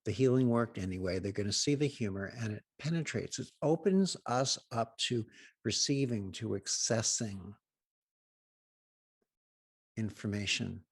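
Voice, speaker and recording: A man hosting a healing program, telling humorous anecdotes with wry asides and pauses. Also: on the low side, expressive, slightly rough, dry recording, studio quality. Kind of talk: humorous storytelling talk.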